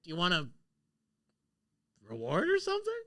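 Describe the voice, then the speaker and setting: A man voicing a gleeful, mocking old female hag with a shrill, sing-song voice. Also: wildly swooping pitch, normal speed, fairly bright tone, heavily acted.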